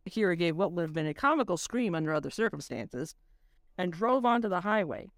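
A woman reading her own spooky story aloud on a voice call, in a measured storytelling manner. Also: fairly low pitch, expressive, no echo, clean studio sound. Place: home voice chat. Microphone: computer mic on a voice call.

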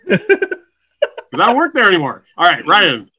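A man's voice: high voice, huge pitch swings, slow pace, a crowd in the background, low-quality recording. A man from Oregon co-hosting a comedy podcast, joking, teasing and telling stories in a casual chat. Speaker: podcast co-host.

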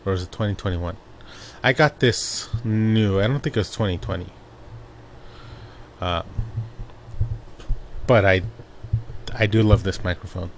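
A man's voice: low-pitched, steady tone, normal speed, pauses often, a little hiss or hum. A young man from Arizona hosting a casual personal monologue into his own desk microphone, rambling and laughing as he tells family stories. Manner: rambling, laughs often while telling stories. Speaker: podcast host.

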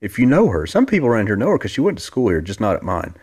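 Deep-voiced male podcast host in his forties, laid-back storyteller who swears freely. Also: wildly swooping pitch, racing, a little mellow, slightly rough. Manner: laid-back, rambling, profanity, jumps up high quoting others. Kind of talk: casual storytelling.

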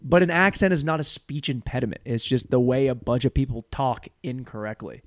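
Fairly quick and mid-range, a man's voice carries a podcast's crude, rambling comedy monologue. His speech is cluttered, words running together, and he laughs at his own gags into a studio mic set on a stand.

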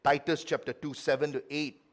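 A middle-aged man preaching a sermon as pastor, with lively swings between loud, emphatic lines and quiet ones. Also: a little high, moderate pace.

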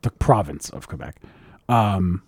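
A man's voice: low voice, unhurried, husky, dry recording, clean studio sound. A man chatting casually as a co-host, telling stories in a joking, profane way. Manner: lively, joking storytelling with swearing and laughs. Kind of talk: casual chat.

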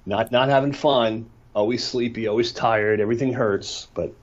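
A man's voice: medium pitch, fairly even intonation, moderate pace, highs cut off. A middle-aged man co-hosting a podcast, chatting casually and telling rambling stories with wry complaints, a bit worn down by allergies. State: congested from allergies. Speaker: podcast co-host.

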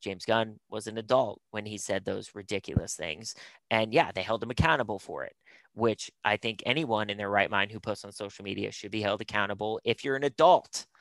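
A man's voice: on the low side, a little fast, a bit bright, no room sound. A man, a film producer and talent manager, speaking as a podcast guest in an emphatic, advice-giving way. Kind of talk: casual conversational interview.

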